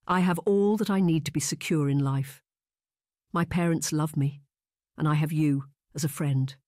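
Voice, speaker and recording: A narrator voicing Diana, a lovelorn young noblewoman, in a hushed, resigned audiobook reading with a dry, close sound. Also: mid-range voice, fairly even intonation, normal speed, no echo, close to an everyday voice. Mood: wistful.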